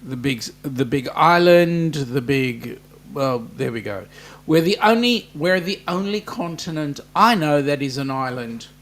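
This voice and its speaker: In an unhurried, a bit bright, medium-pitched voice with lively intonation, a man with an Australian accent runs a casual livestream. He reads viewer comments aloud and chats back, saying "mate" and "um" often.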